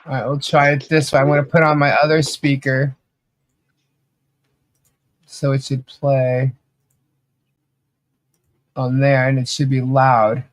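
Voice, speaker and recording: A woman co-hosts a podcast, chatting casually and telling stories in an animated way, laughing often as she goes. Her voice is bass-deep and she takes things slowly, with long pauses. There's no echo.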